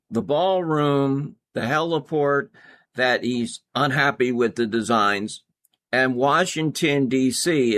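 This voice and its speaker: A man's voice: mid-range voice, fairly bright tone. A male host reading political headlines and adding sardonic, cutting remarks after each one. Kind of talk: political news commentary.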